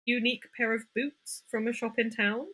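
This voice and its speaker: A woman's voice: on the high side, flat delivery, normal speed, pushed and bright. A young woman co-hosting a casual true-crime podcast, reading from her notes and laughing often. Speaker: podcast co-host.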